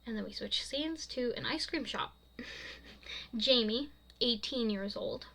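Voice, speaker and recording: A young woman, the author, reading her own fiction aloud in a soft, casual way and laughing at her own slips. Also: a little high, normal speed, vocal fry, low-quality recording.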